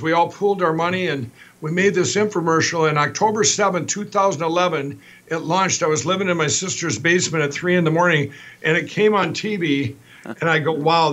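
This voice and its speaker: A middle-aged company founder from Minnesota tells his story as a guest in a high-leaning voice. His delivery is rapid, rambling and animated, with many restarts.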